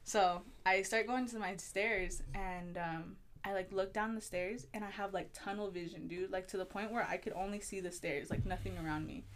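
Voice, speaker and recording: A young woman telling a personal story in casual chat, animated, swearing a lot and acting out the voices she quotes. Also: medium pitch, moderate pace, hardly any pauses, slight background noise. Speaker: guest storyteller.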